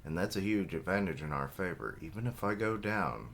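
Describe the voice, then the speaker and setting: A man's voice: sits low, very animated, fairly quick, vocal fry, fairly bright tone, full character voice. A man reading the lines of a resolute young archer, the older brother, in a firm, commanding way.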